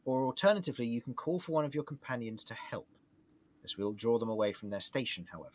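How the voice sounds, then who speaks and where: A man narrating a tabletop game as game master, lively and laughing often. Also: medium pitch, fast talker. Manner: lively, laughs often while describing scenes.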